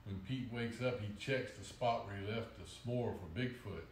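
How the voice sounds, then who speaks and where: A man reading children's picture books aloud in a slow, gentle storytelling manner, recorded in a roomy space. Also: lowish voice, recorded from a distance, a little hiss or hum. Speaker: mayor reading stories to children.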